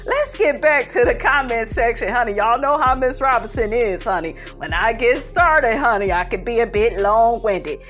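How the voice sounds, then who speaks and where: A woman's voice: a little high, lively intonation, moderate pace, few pauses, fairly bright tone, soft background music. A woman, giving sassy casual commentary and reading out viewer comments, calling her viewers honey. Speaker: commentary host.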